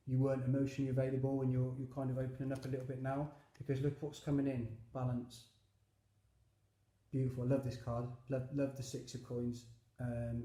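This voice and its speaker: A man talks through a tarot spread in a loose, chatty way, full of fillers and little asides. His voice is dark and mellow and stays fairly flat in pitch. The sound is roomy, with clear echo around him. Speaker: tarot reader. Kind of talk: casual tarot reading.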